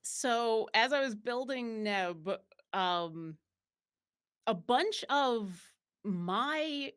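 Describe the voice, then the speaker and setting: A woman's voice: on the high side, animated, drawn-out words, a bit bright, clear, resonant tone. A woman from Buffalo, New York, talking as a guest in a casual interview, rambling with fillers and restarts. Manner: rambling, many fillers and restarts, laughs easily. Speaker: guest player.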